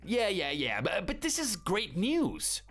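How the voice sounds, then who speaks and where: A man voicing a busy, dismissive husband, speaking impatiently over soft music. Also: high voice, huge pitch swings, slow, full character voice. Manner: impatient and brushing off. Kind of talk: animated story voice acting.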